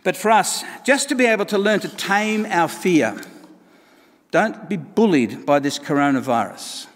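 A man's voice: high-pitched, animated, measured pace, long reverb tail. A man preaching a sermon in a conversational way, with wry asides and emphatic points.

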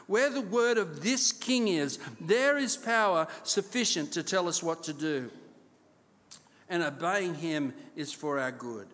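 A man's voice: a little high, animated, measured pace, fairly bright tone. A man preaching a sermon as pastor, often asking his congregation questions to keep them alert. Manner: quizzes the congregation, rhetorical questions. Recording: long hall reverb.

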